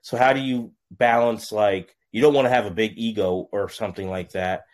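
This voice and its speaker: A man's voice: on the low side, fairly even intonation, moderate pace. A man hosting a podcast, telling stories in a casual, rambling way full of "I'm like" asides before asking a long-winded question. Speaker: podcast host. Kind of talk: casual conversational interview.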